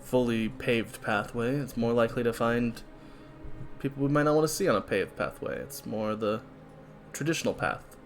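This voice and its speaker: A man's voice: medium pitch, moderate pace. A man playing a tabletop game, arguing his case in a casual, self-assured and playful way. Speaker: player.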